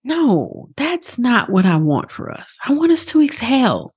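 A woman's voice: fairly high pitch, very animated, measured pace, a little mellow, breathy edge. A woman hosting a motivational podcast as a wellness coach, talking earnestly and casually swearing, who often slips into quoted inner voices. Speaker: wellness coach and program host.

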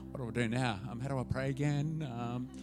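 A man preaching a sermon as pastor, telling a story and swinging from hushed asides to loud, excited calls. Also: mid-range voice, moderate pace, over music.

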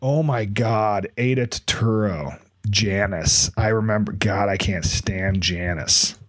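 A man's voice: on the low side, takes it slowly, no echo. A man chatting casually as a podcast co-host, laid-back and often trailing off and restarting. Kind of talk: casual chat.

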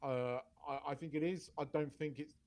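Halting man chatting on a podcast. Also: on the high side, fairly even intonation, a little mellow. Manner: halting, many restarts and fillers. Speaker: podcast co-host. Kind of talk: casual chat.

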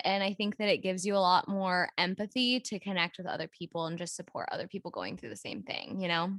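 A woman's voice: lowish voice, a bit bright, dry recording, studio quality. A woman co-hosting a casual podcast, speaking in a supportive, thoughtful, agreeable way. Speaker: podcast co-host and life coach. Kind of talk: casual chat.

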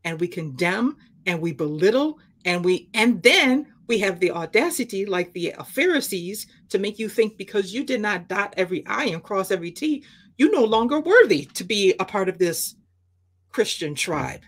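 Female ministry co-host, expressive, bouncy intonation, at a middle pitch. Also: moderate pace. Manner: animated, acts out the characters she describes. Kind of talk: conversational Bible discussion.

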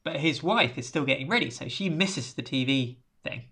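A man's voice: medium pitch, animated, normal speed, bright, forceful tone, slightly rough. A man on a casual podcast, retelling a film's plot in a rambling way and acting out quotes. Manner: rambling storyteller, acts out quotes. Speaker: podcast co-host recapping a film. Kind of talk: casual chat.

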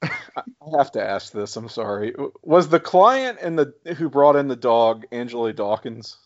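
A man co-hosting in casual chat, wry and halting, often breaking off mid-sentence. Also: medium pitch, lively intonation. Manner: wry, halting, self-interrupting. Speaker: podcast co-host. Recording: dull lo-fi audio.

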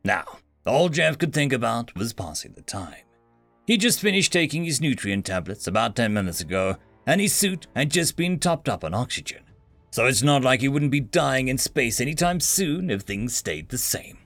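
A man's voice: mid-range voice, sing-song, normal speed, fairly bright tone, no echo, soft background music. A man narrating a sci-fi story in a dry, wry storytelling manner.

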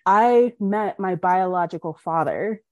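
A young Colorado woman with a mid-range voice talks a little slowly as a podcast guest. Frank and animated, she narrates her life story in interview form and acts out quoted dialogue.

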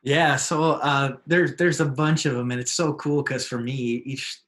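Young male pastor guest, lively anecdote teller, middle pitch. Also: measured pace. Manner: animated storyteller, acts out excited voices. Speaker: pastor and author. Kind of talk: interview storytelling.

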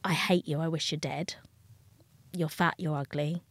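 A woman's voice: sits low, fairly even intonation, moderate pace, dry recording. A woman, a dating coach talking frankly and with feeling as a guest in an interview. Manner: frank, emotional, acts out quoted voices. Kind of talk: candid interview talk.

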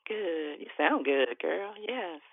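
A woman leads a morning prayer call with fervent prayer and easy greetings to each caller. Her voice carries a gravelly edge at a middle pitch. It comes through a tinny, dry phone line. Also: lively intonation, slow pace, no echo. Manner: fervent prayer, warm greetings, frequent laughs. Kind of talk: prayer and devotional teaching on a call. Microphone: phone on a conference call.

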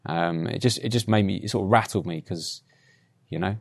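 A preacher with a deep, gravelly voice talks at a normal speed through a conversational sermon, sharing personal stories. He keeps things chatty, regularly asking "right?" and similar tag questions.

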